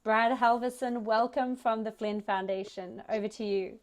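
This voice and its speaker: An Australian woman hosting a startup pitch event, giving an enthusiastic welcome speech. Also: little pitch movement, moderate pace, a crowd in the background. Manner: upbeat, enthusiastic. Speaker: event host.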